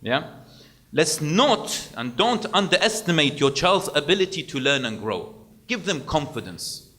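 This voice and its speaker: A male preacher delivering a sermon in a lively, animated way. His voice sits somewhat high for a man and swings widely in pitch as he acts out short scenes of parents talking to children. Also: a little slow. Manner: animated lecturing, acting out parent quotes.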